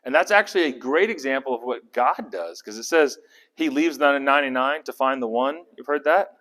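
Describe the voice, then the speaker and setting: A man with a mid-range voice speaks briskly while leading a casual Bible study, talking through the passage and putting questions to his group. He's animated and conversational, acting out the characters' lines.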